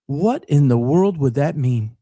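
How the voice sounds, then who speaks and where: A man's voice: medium pitch, expressive, a little slow, mellow, no room sound, clean studio sound. A man in his fifties from Detroit with a Detroit accent, hosting a sports talk show in an earnest, emphatic, unscripted monologue. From Detroit, Michigan. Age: 50s. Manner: earnest, emphatic, repeats words as he builds his point.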